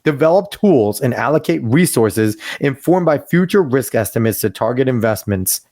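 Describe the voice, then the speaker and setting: A man's voice: medium pitch, a little mellow, no echo, clean studio sound. A man co-hosting a podcast over a video call, ranting emphatically with profanity and sudden rising outbursts. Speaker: podcast co-host. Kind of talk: casual opinion podcast chat.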